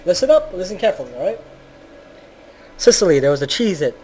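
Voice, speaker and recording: A man's voice: high voice, big pitch swings, quick pace, warm tone, husky. Blunt, profane man ranting about a game. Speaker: video game reviewer. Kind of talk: casual profane game commentary.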